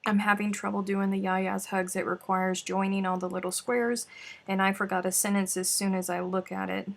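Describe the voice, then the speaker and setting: Her mid-range voice is creaky and flat, moving at a normal speed. She's hosting a crochet livestream, chatting casually and muttering to herself, scatterbrained, while she looks for her notes.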